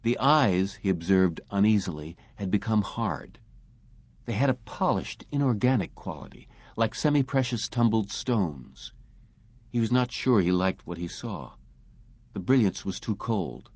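A man reading a science fiction story aloud as an audiobook narrator, in a measured way. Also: lowish voice, expressive, darkish tone, no room sound. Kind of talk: scripted narration.

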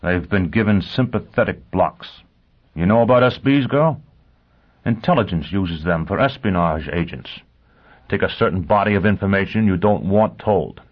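A man voicing a vengeful, driven man who questions with calm ferocity. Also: deep voice, lo-fi sound. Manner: cold, intense interrogation.

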